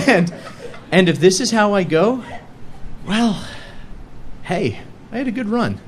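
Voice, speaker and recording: Lively young man telling a story. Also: sits high, takes it slowly, pauses often, heavy background noise. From United States. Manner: animated, joking, self-mocking. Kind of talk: live story slam storytelling. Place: stage before a live audience.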